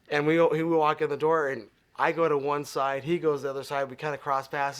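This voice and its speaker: A man's voice: mid-range voice, moderate pace. A middle-aged man from Arizona, a guest in an interview, telling stories in casual chat and acting out the voices in them. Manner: animated storyteller acting out dialogue.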